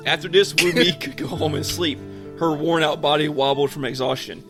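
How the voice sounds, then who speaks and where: A man's voice: a little high, fairly even intonation, normal speed, a bit bright. A man co-hosting a podcast, reading a story aloud to his friends in a casual way and breaking off to joke. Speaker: podcast co-host. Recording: music playing underneath.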